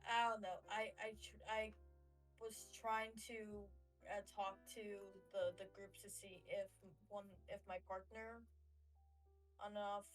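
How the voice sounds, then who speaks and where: A woman playing in a tabletop game, talking in a hesitant, halting way. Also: mid-range voice, flat delivery, far from the mic, faint music behind, poor audio. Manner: hesitant, halting, many restarts. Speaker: player. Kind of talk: casual role-play chat.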